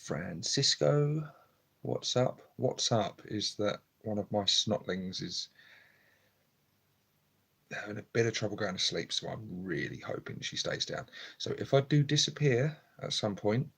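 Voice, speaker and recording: A man chatting quietly and casually on a live stream at home, filmed on his phone, rambling with lots of ums. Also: on the low side, a little slow, gravelly, husky. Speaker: hobby streamer. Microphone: phone camera.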